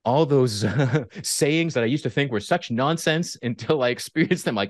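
A man hosting an interview, speaking reflectively and haltingly, with frequent restarts. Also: medium pitch, big pitch swings, no room sound, studio quality. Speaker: host. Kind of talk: candid interview conversation.

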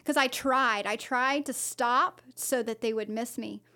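Chatty woman with a bright, higher voice. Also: measured pace. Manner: rambling, full of fillers and restarts. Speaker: podcast co-host. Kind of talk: casual storytelling.

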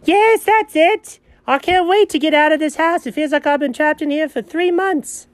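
A man voicing an excitable, high-voiced young male buddy who talks in an eager, giddy way. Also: normal speed, no echo. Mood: excited.

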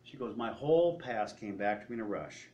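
A man telling a story in a sermon, retelling someone's words and often dropping his voice low. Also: lively intonation, a little fast, lo-fi sound, slight background noise. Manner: retelling a story with quoted speech, often trailing off quietly. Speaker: preacher.

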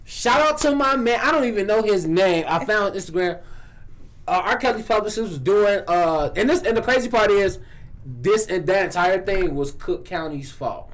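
A man with a Chicago accent in casual chat, telling stories in a profane, animated way with lots of restarts. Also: high voice, moderate pace.

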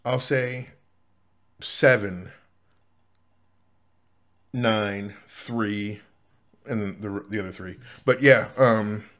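A man's voice: lowish voice, fairly even intonation, very slow, pauses often, fairly bright tone. A man hosting a casual solo podcast, talking in a rambling way with many fillers, restarts and chuckles. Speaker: podcast host.

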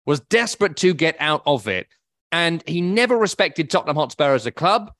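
A man's voice: fairly high pitch, very animated, moderate pace, a bit bright, no echo. A man co-hosting a casual football podcast, blunt, opinionated and wry. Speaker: podcast co-host.

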